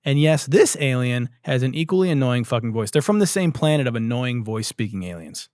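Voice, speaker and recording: A man's voice: mid-range voice, expressive, a little fast, a little mellow, no room sound, clean studio sound. Exasperated, swearing male comedy podcast host. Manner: profane, exasperated, laughs a lot. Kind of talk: comedic commentary.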